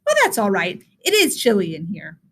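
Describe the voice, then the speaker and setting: A woman's voice: medium pitch, wildly swooping pitch, moderate pace, husky, pitched below the performer's own voice. A woman voicing a sweet, fussy woman of ninety-seven who cannot see well, chatting fondly in a storybook reading. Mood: fond, cheerful. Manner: chatty, doting, cheerful.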